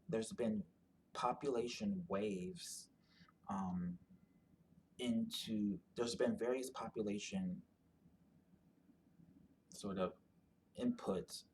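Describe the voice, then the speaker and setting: A man with a fairly low voice talks through a topic off the cuff, circling back and restarting his sentences. He leans on filler words as he works out his points, and a faint hiss sits under the recording. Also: darkish tone. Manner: rambling, full of "like" and restarts. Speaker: commentator on genetic ancestry. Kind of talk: casual explanatory monologue.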